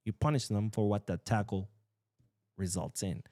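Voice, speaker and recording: A man's voice: lowish voice, moderate pace, dark tone, no room sound, studio quality. A man hosting a football news show, ranting bluntly and profanely about the rules. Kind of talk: ranting commentary.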